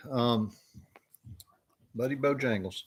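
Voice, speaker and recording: A man's voice: mid-range voice, slow pace, breathy edge. A middle-aged man, casually rambling through stories on a live chat, with lots of fillers. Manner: rambling, drawling with many fillers. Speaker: live stream host.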